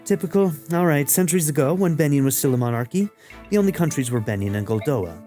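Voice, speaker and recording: A man's voice: fairly high pitch, expressive, fast talker, warm tone, faint music behind, close to an everyday voice. A man voicing an aloof, scornful female cat-beast warrior in a video game let's play, talking dry and scoffing.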